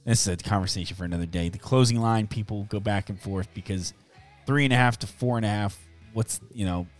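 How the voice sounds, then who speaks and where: A man hosting a sports betting podcast, chatting casually and briskly reeling off odds and numbers. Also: on the low side, soft background music.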